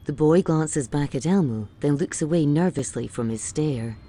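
A woman reading scripted audio description of a film, calm and even. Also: sits low, normal speed, husky.

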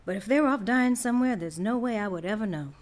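A woman voicing a weary middle-aged scientist and mother who speaks in a measured, reserved way. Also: medium pitch, animated, close to an everyday voice. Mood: tired.

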